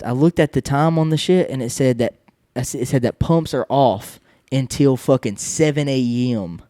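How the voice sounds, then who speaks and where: A young man spins a rowdy late-night story, cracking himself up and cursing as he voices each person in it. His voice sits at an ordinary pitch and sounds dry and close, with no room echo. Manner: laughing, profane, animated retelling. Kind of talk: casual storytelling.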